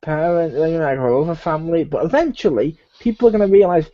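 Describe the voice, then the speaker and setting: A man hosting a casual gaming chat, spinning animated stories and quoting in-game characters along the way. His voice is mellow and a bit higher than usual. The recording is dull and lo-fi. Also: fast. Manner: animated storyteller, acts out game characters' lines. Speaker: podcast host.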